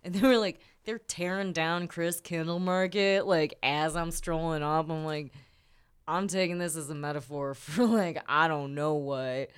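A woman's voice: low-pitched, steady tone, a little slow, clean tone. A woman, a comedian co-hosting a casual chat, telling stories animatedly and laughing often. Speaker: co-host comedian.

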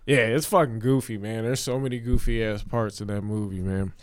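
A man's voice: lowish voice, fairly even intonation, brisk, smooth. A man co-hosting a comedy podcast, telling stories loosely with swearing and laughs. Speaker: comedian co-host. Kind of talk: casual podcast chat.

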